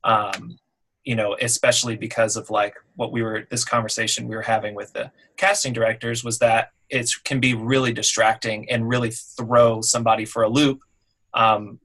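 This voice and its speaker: Relaxed, conversational man in a webinar. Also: on the low side, normal speed. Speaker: voiceover demo producer. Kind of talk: casual webinar Q&A answer.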